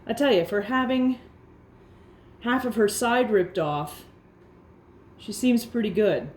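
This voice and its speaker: A woman caring for an injured hen, explaining what she does in a calm, soothing way and talking gently to the bird. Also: fairly high pitch, slow. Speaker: backyard chicken keeper. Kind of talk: casual hands-on vlog narration. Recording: roomy echo with faint background noise.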